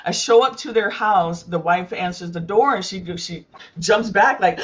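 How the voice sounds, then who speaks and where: A woman's voice: medium pitch, moderate pace, a bit bright, lo-fi sound. A woman who runs a roofing business, telling a personal story candidly in a panel discussion, with frequent fillers.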